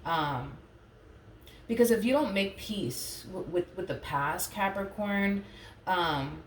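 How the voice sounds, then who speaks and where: A woman's voice: on the low side, slow pace, echoey room, a little hiss or hum. A woman giving a casual tarot reading, chatty and full of fillers, saying she does not like getting emotional. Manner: chatty, filler-heavy, reluctant to get emotional. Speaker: tarot reader.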